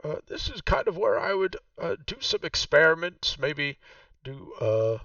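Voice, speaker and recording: A witch with a high, lilting voice, sweet and pleading, as a man puts her on. Her voice swoops up and down with plenty of gravel underneath. The sound is dull and from a distance, with a dry room. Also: very animated, measured pace, bright, forceful tone, no room sound, full character voice. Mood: wistful. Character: sunlit witch woman, sweet and coaxing.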